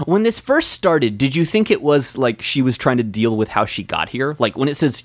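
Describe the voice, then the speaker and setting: A man's voice: medium pitch, normal speed, hardly any pauses, dry recording. A man co-hosting a podcast, chatting casually and playfully about a video game. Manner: playful and expressive, jumps into bits. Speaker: podcast co-host.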